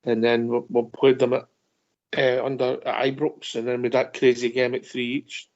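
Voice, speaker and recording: A man hosts a football phone-in in casual chat. He talks in a measured, hesitant way with a gravelly voice. His voice sits in a middle range, and the audio is dull and lo-fi. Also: medium pitch, level tone, darkish tone. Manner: measured, hesitant, fills with "uh" and "mate". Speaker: host.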